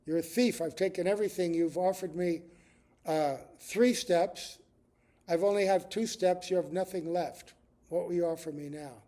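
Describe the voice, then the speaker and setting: A man's voice: high-pitched, moderate pace, dark tone, lightly acted. An older man voicing a stern, commanding god disguised as a boy, who confronts a defeated king. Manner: stern, triumphant.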